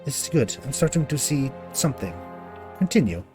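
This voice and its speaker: A man voicing a brisk, clinical woman scholar who studies souls. She speaks in a haughty way. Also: medium pitch, big pitch swings, over music, voice pushed up, natural voice.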